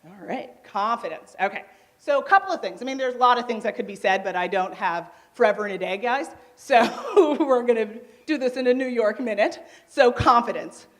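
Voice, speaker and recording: A loud young woman gives a motivational workshop talk from a conference stage. Her voice sits a bit high, and she laughs easily between points. She keeps turning to the crowd with questions. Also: fairly quick. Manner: lively, laughs often, asks the crowd questions; naturally loud. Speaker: conference speaker.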